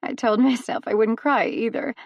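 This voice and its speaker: A woman's voice: mid-range voice, steady tone, moderate pace, creaky, dry recording. Woman doing a tearful pleading mortal mother. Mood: nervous. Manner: pleading, nervous, emotional. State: tearful, voice rough. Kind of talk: audiobook character voice.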